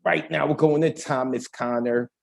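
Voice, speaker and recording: A man hosting an online open mic over a video call, chatting in an energetic, slangy way. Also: fairly high pitch, normal speed, gravelly. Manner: energetic, slangy, talks to the audience directly. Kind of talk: casual hosting banter.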